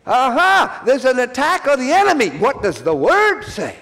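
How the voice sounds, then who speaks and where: A man's voice: very high voice, wildly swooping pitch, normal speed, fairly bright tone. A man preaching a sermon at a church conference, repeating key phrases and calling for the audience to answer back.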